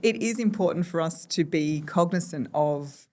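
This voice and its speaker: A woman's voice: low voice, moderate pace. An Australian woman in a casual podcast interview, speaking as a voice coach and telling stories with playful shifts in her voice. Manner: animated storyteller, playful vocal shifts. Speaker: voice coach guest.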